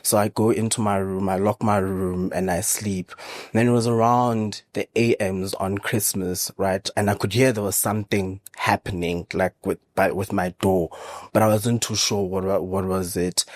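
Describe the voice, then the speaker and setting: A man speaks in a deep, even monotone, telling his story slowly and haltingly with many pauses. The sound is dry and close, with no room around it. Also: dry recording. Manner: halting, measured storytelling with frequent pauses and fillers. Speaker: podcast guest. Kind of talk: personal testimony in an interview.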